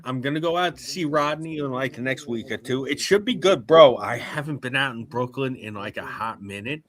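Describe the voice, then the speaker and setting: A tipsy man in his forties, a guest on a live stream, swaps casual stories like a streetwise talker, swearing freely. His voice is medium-pitched, fairly quick and a bit bright.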